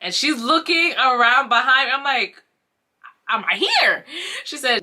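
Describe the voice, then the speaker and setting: A young woman telling a casual storytime vlog, animated and acting out the voices of the people she quotes. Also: sits high, measured pace. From Haitian family. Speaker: vlogger.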